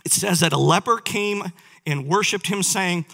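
A man's voice: sits high, normal speed, gravelly, bright, forceful tone. A man preaching a sermon, reading scripture aloud and putting questions to his listeners. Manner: reads verses aloud, asks the listeners questions.

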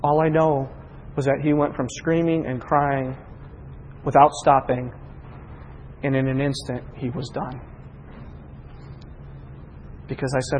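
A pastor preaching a sermon, telling a personal story earnestly, moving from hushed reflection to impassioned prayer. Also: male voice, mid-range voice, flat delivery, measured pace, long pauses, long reverb tail, a little hiss or hum, poor audio.

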